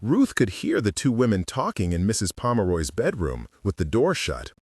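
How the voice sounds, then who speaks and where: A man narrating a novel as an audiobook, in an expressive storytelling manner. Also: lowish voice, normal speed, breathy edge, no room sound, studio quality, far from the mic.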